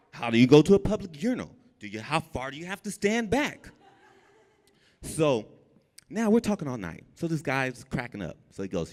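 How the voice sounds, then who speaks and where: A man telling a comic story live on stage, animated and jumping high when he quotes people. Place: brewery event space with an audience. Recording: long reverb in a live venue.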